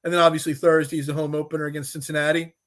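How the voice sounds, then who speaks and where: A man's voice: fairly high pitch, rapid-fire. A man hosting a sports talk show, giving opinionated takes with restarts and repeated phrases. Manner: animated, repeats himself when making a point. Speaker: sports podcast host.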